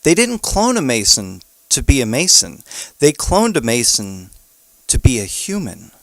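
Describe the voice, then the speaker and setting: A man's voice: medium pitch, huge pitch swings, a little slow, fairly bright tone, no echo. A man casually explaining part of a story.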